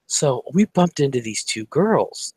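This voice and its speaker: A man's voice: mid-range voice, slightly rough, no room sound. A man from Ohio telling a rambling personal story in casual chat. He swears freely and acts out the voices of the people in it. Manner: animated, profane, acts out quoted voices.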